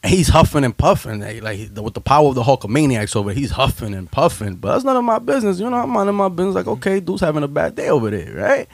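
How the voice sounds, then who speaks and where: A man spins a story in casual talk, his voice sitting a little high. He laughs and swears as he goes and jumps up in pitch when he quotes people. The sound is dry and close. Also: very animated, fast talker, gravelly, hardly any pauses, no echo. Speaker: podcast host telling a story.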